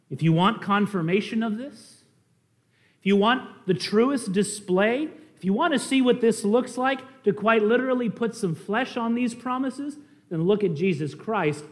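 A man preaching a sermon as a pastor, impassioned, rising to loud emphasis and dropping to quiet pleading. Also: high-pitched.

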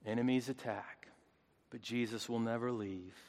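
A man preaching a sermon as pastor, swinging between hushed, tender lines and loud, fervent calls. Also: medium pitch, fairly even intonation, normal speed, gravelly. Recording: long hall reverb.

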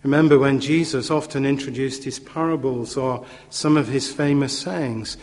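A man preaching a sermon in a measured, emphatic way, with occasional fillers and repetition for stress. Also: mid-range voice, steady tone, darkish tone. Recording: long hall reverb.

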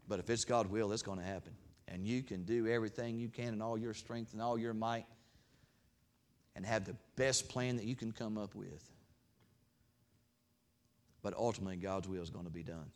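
A man pastor preaching a sermon. He swings from loud, raised peaks to quiet, conversational asides, and acts out God's words in a folksy voice. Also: lowish voice, steady tone, moderate pace, pauses often. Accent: regional accent of his own.

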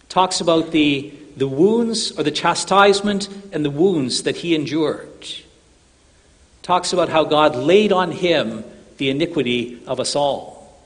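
A man's voice: on the high side, measured pace. A man preaching an earnest sermon, addressing his listeners as brothers and sisters, with long hall reverb.

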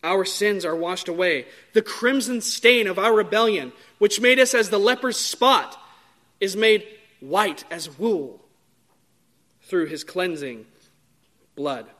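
Bright-voiced, high male preacher. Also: animated. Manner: measured, emphatic preaching with drawn-out stresses. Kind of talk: sermon.

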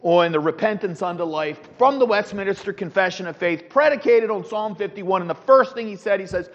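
A middle-aged man teaching a Sunday school class, animated, with rhetorical questions and frequent restarts. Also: high voice, fairly quick. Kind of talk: Bible teaching. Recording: dull lo-fi sound with long hall reverb.

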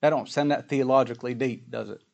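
A man preaching a sermon, folksy and plain-spoken, full of rhetorical questions, reading scripture slowly and with weight. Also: medium pitch, fairly even intonation, gravelly, a little mellow, muffled recording. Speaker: pastor.

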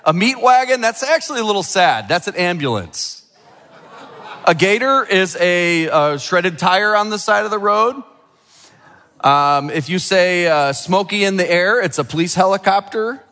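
A man's voice: sits high, fairly bright tone, long reverb tail. A middle-aged male pastor giving a sermon with a children's object lesson, chatty and full of questions to the room. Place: church sanctuary.

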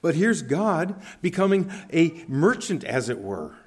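A man preaching a sermon as pastor, earnest and emphatic, his voice swinging between forceful peaks and quiet low stretches. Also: big pitch swings, a little slow, breathy edge.

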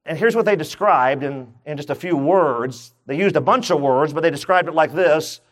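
A man's voice: on the high side, normal speed. A man preaching a sermon, asking his congregation questions and joking as he goes. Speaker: pastor. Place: church.

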